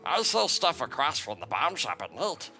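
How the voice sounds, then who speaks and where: A man's voice: fairly high pitch, huge pitch swings, moderate pace, bright, forceful tone, slight background noise, pitched above the performer's own voice, full character voice. A man voicing a big, friendly male rock creature in a hammy, cute monster voice, reading game dialogue aloud. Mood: grateful.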